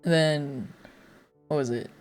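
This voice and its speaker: A man's voice: a little high, fairly even intonation, slow. A young man streaming, telling a story in a rambling, casual way, full of fillers and frequent laughs. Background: faint music.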